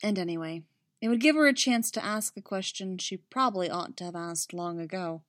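A woman reads a story aloud in a quiet, measured, soft-spoken voice at a middling pitch. The recording is dry and close, with no echo. Her narration moves at an even pace. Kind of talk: audiobook reading.

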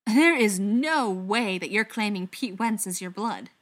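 A woman reads as a furious male vampire, a butcher by trade, pushing and accusing in a forceful, raised voice. The pitch sits mid-range for a woman's voice, and it is told as an audiobook. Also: moderate pace, lightly acted. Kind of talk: audiobook reading.

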